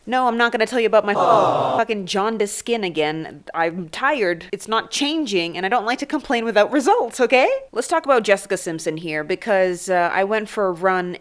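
A young adult woman hosting a podcast, rambling and swearing in a fast, casual comedic monologue. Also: medium pitch. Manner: profane, rambling, fast-talking. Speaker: podcast host.

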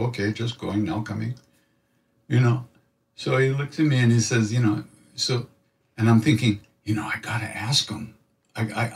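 A man telling a reflective personal story, animated and acting out other people's voices in his quotes. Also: medium pitch, recorded from a distance. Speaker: spiritual storyteller.

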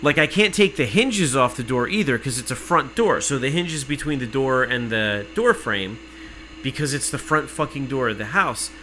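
A man telling an exasperated, profane story in casual podcast chat, cursing freely and working himself up to shouting. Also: mid-range voice, expressive, moderate pace, a little hiss or hum, rough recording.

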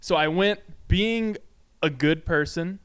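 A man's voice: on the high side, slow pace. A man co-hosting a podcast, telling retail stories in casual, profane chat full of fillers. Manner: profane, animated anecdote-telling with many fillers. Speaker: podcast co-host. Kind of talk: casual storytelling. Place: home studio.

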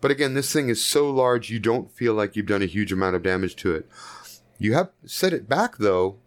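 A man's voice: lowish voice, animated, brisk. Man running a tabletop game, loose and profane. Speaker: game master.

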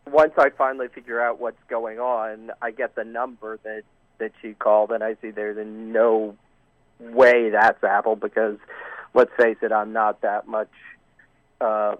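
A man on a call-in line tells his story in a rambling, halting way, circling back with restarts and fillers. His voice comes through a narrow, tinny phone line. The sound is dry and close. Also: on the low side, dry recording. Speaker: caller.

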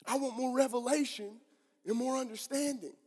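A middle-aged Southern US pastor with a notably high, bright-pitched voice preaches to his congregation. His words ring out with a long reverb through the church hall. He is earnest and questioning, and he stumbles into restarts as he goes. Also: steady tone, moderate pace, slightly rough. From southeastern United States. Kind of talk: sermon. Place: church sanctuary.

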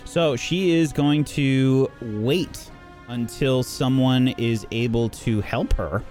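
A man narrating as game master in a tabletop game, relaxed and thinking aloud as he goes. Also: mid-range voice, slow, faint music behind.

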